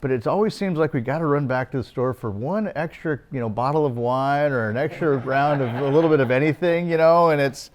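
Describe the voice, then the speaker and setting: A man's voice: on the high side, brisk, hardly any pauses. A man telling casual, rambling golf anecdotes with many fillers and laughs. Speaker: golfer and guest. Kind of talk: casual storytelling chat.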